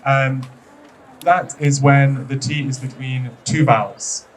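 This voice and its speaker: A man's voice: medium pitch, fairly even intonation, slow, recorded from a distance, slight background noise, rough recording. Chatty British man teaching a class. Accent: British English. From Britain. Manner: chatty, hesitant with frequent ums, playfully teasing. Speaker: English teacher. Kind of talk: classroom lesson.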